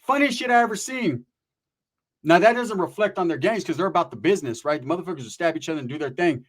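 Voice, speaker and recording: A man's voice: fairly high pitch, animated, quick pace. A man from California telling a story in casual, profane street slang, often tagging his sentences with "right?". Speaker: storyteller recounting prison experiences.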